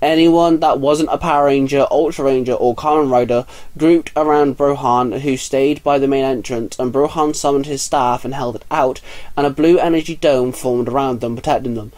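A man narrating a fan story in a steady, even way. His voice sits at an ordinary middle pitch. The reading is plain and unhurried.

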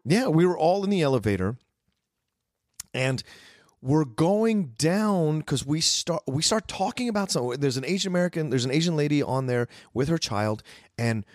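A man hosting a casual film podcast, telling stories in an animated way. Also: fairly high pitch, dry recording, studio quality. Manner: animated storyteller, quick asides. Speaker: podcast host. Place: Los Angeles.

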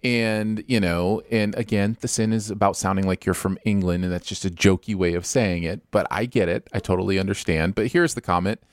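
A man's voice: low-pitched, brisk, few pauses, no room sound, clean studio sound. A man co-hosting a podcast, reading out listener comments in a casual, jokey way. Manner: lively, animated, jokey. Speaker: podcast co-host.

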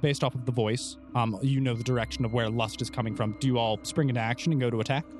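A man's voice: mid-range voice, fairly even intonation, fast talker, over music. A man narrating as game master for a tabletop game, rambling and playful, with many fillers and restarts.

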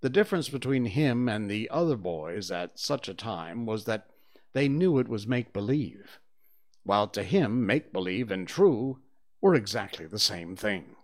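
A man reading a classic children's story aloud, expressive and animated. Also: fairly low pitch, moderate pace. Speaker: narrator.

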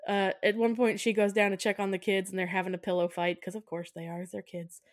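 A woman's voice: medium pitch, flat delivery, fast, no echo, studio quality. A woman co-hosting a podcast, recapping a film in casual chat and laughing often. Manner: laughs often, acts out quotes in voices. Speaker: podcast co-host.

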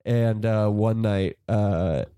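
A man's voice: lowish voice, slow, warm tone, clear, resonant tone, dry recording, clean studio sound. A man in his forties telling a funny story as a podcast guest, rambling with lots of "like" and laughing as he goes. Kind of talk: casual comedic storytelling.

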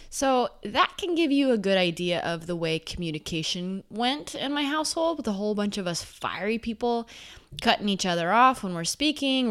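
Earnest woman with a lowish voice. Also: a bit bright, clean tone. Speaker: self-help speaker. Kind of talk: casual talk to camera.

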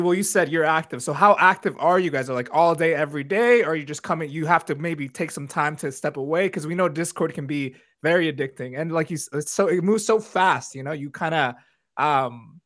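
A man's voice: a little high, fairly quick, fairly bright tone. A man hosting a casual podcast interview, asking friendly, rambling questions. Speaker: podcast host.

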